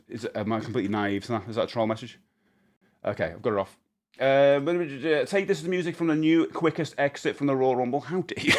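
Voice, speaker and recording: A man, rambling cheerfully through a live-stream Q&A, reading out chat questions and laughing easily. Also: fairly low pitch. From England. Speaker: livestreamer.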